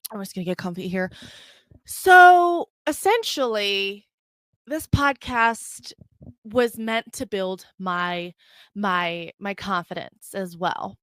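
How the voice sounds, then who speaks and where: A woman's voice: mid-range voice, fairly bright tone, dry recording. A young woman hosting her own podcast, rambling casually in a brash, profane, unfiltered way. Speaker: podcast host. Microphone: desk mic on a video stream.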